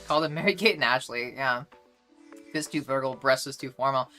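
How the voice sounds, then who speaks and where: A woman's voice: extremely low pitch, fairly quick, pushed and bright, faint music behind. A young woman streamer chatting casually with her chat, rambling and blunt, swearing often and full of fillers and restarts.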